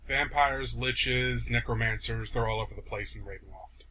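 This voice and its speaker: A man's voice: medium pitch, normal speed, sharp tone, slight background noise. A man hosting a casual podcast, making wry, joking asides. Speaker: podcast host. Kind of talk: casual chat.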